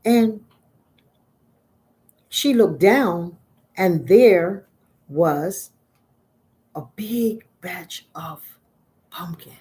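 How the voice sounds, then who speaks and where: A middle-aged woman, a spiritual teacher, telling a folk myth in a conversational, expressive way. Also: fairly low pitch, very slow, long pauses.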